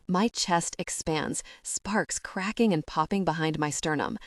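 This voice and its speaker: Lowish woman narrating a romance audiobook. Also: measured pace, few pauses, no echo, clean studio sound. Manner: lively, conversational storytelling.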